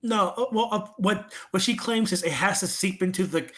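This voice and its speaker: Animated storytelling man on a podcast. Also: high voice, normal speed. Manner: animated, acts out voices in his stories. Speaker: podcast guest. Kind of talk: casual storytelling chat.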